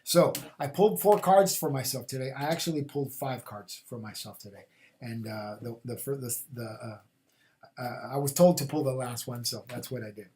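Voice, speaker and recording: A man at a moderate pace, with a medium-pitched and slightly mellow voice, hosts a spiritual call-in show. His talk is a relaxed, rambling monologue packed with fillers and repetition, and he asks questions in a repetitive, incantatory rhythm.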